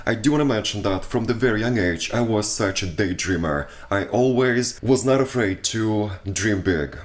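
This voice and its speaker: A young man from Russia with a Russian accent, telling childhood stories in a chatty, self-mocking way and laughing often. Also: on the low side. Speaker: vlogger. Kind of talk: casual storytelling.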